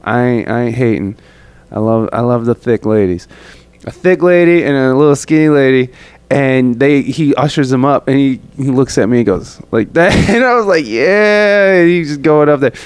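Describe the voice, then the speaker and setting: A man's voice: mid-range voice, moderate pace, clear, resonant tone, dry recording. A man chatting casually on a podcast, telling stories with laughs and acted-out quotes. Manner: storytelling, laughs often, animated impressions. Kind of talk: casual chat.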